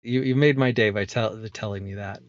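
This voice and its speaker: A man hosting a casual film podcast who laughs often and retells scenes with animated energy. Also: fairly low pitch, brisk, dry recording, muffled recording. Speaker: podcast host.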